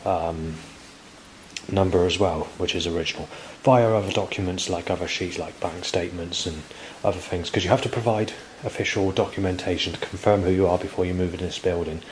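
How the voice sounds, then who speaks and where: Brief: man, 40s, very low voice, repetitive outdoor vlog ramble. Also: steady tone, a little fast, a little hiss or hum, low-quality recording. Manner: rambling, repetitive, with frequent restarts. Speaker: vlogger. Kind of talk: rambling monologue to camera.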